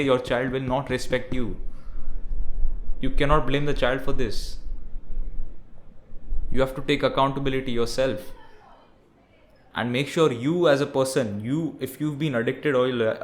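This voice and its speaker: Young man, mid-pitch, profane and preachy, talks down to the audience like a mate. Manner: blunt, profane, preachy, says "bro" often. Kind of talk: ranting monologue.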